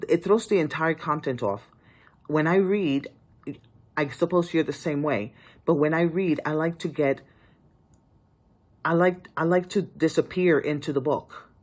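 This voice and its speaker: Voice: mid-range voice, a little slow, long pauses. An author giving casual writing advice to the camera, emphatic and pleading, often restarting sentences.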